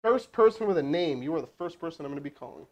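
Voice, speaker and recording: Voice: medium pitch, expressive, fast talker, a little mellow. A sales trainer giving a casual screen-share walkthrough, muttering to themselves while working a computer and tossing informal asides to a colleague. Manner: informal, slangy, talking to a colleague off-mic.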